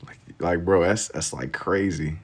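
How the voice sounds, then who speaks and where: A man's voice: deep voice, fairly even intonation, a little slow, husky. A man chatting casually on a livestream while he draws, reading out viewer comments in a laid-back, slangy way and laughing easily. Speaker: livestreamer drawing on stream.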